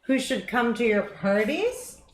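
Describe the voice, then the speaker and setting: A woman's voice: a little high, very animated, measured pace. A middle-aged woman co-hosting a cooking show, chatting casually, swearing and wandering into asides. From Canada. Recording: echoey kitchen with background noise.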